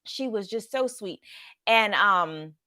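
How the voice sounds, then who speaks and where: A young adult woman, a nurse, telling stories to camera in a soft, earnest way with frequent restarts. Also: medium pitch, lively intonation, slow. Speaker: nurse and vlogger. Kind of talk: casual storytelling to camera.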